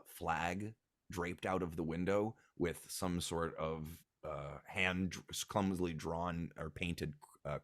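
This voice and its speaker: Deep-voiced guy running a tabletop game, lots of ums n restarts. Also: no echo, clean studio sound. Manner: halting, many fillers and restarts. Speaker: game master.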